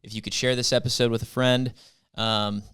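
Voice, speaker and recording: A man co-hosting a real estate podcast, speaking in a relaxed, friendly way. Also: medium pitch, a little fast, smooth, no echo, studio quality. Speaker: podcast co-host.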